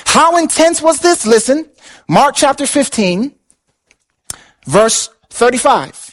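High-voiced man preaching with passion. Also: big pitch swings, slow pace, rough recording. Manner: impassioned preaching, asks the congregation questions, repeats words. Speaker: pastor. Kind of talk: sermon.

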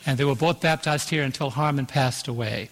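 A man's voice: medium pitch, a bit bright. Preaching man in a reverberant auditorium. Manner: emphatic preaching, slows for scripture, calls for "Amen". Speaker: pastor. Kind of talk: sermon. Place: church auditorium. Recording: long hall reverb in an auditorium.

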